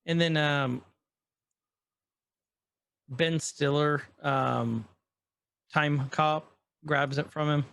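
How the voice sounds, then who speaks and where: A man's voice: on the high side, steady tone, takes it slowly, vocal fry, long pauses, fairly bright tone, no room sound. A man co-hosting a podcast, casually recapping a show episode in a rambling way with lots of fillers. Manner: rambling recap, quoting characters loosely with fillers. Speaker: podcast co-host.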